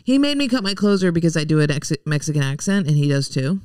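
Excitable, blunt woman with a lively voice. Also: deep voice, fast talker, clean tone, dry recording, clean studio sound. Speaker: podcast co-host, comedian. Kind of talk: casual chat.

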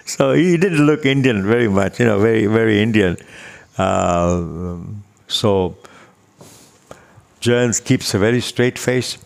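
An older man telling a personal story casually, unhurried and chuckling, acting out the dialogue. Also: lowish voice, gravelly.

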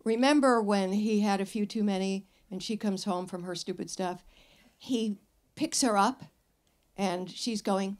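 An older woman hosting a live advice show, telling stories and answering questions in a blunt, wry and lively way. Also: mid-range voice, slow. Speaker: radio advice host. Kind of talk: live show talk with an audience. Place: radio studio with live audience.

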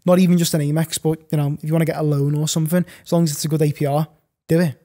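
A young man talks casually as a podcast guest, winding through his stories with lots of fillers and restarts. His voice is a touch higher than most men's and has a mellow, warm tone. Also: flat delivery, very fast. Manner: rambling, filler-heavy storytelling. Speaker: podcast guest, online reseller.

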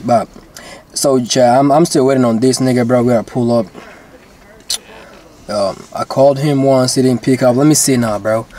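A man's voice: mid-range voice, steady tone, normal speed, long pauses, warm tone. A man vlogging to his viewers in casual chat, rambling and slangy, swearing and saying bro constantly.

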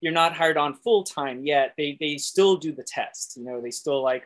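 A man being interviewed, telling work stories in a lively, laughing way and acting out what others said. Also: a little high, moderate pace. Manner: animated, acts out quoted voices, laughs often. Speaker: guest animator. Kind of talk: casual interview storytelling.

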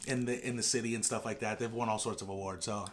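A man's voice: lowish voice, steady tone, fast, a little hiss or hum. A man co-hosting a food vlog, chatting in an easygoing way while eating. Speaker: vlog co-host. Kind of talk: casual chat while eating.

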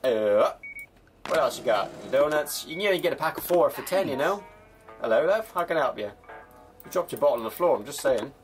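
A man's voice: a little high, lively intonation, a little fast, faint music behind. A young man commentating a game with jokes, chatting to customers in a mock shopkeeper voice. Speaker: gaming YouTuber. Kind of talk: comedic gameplay commentary.

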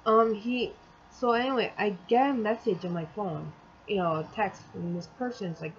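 A woman's voice: medium pitch, normal speed, highs cut off, slight background noise. A young adult woman telling a storytime vlog in casual chat, rambling and exasperated, acting out the quotes as she goes. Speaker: vlogger.

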